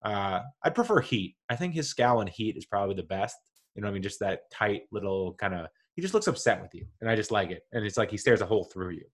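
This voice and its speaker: A man's voice: on the low side, animated, fast talker. A man hosting a podcast, talking casually and enthusiastically, rambling and correcting himself as he goes. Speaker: podcast host. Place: home with dogs nearby.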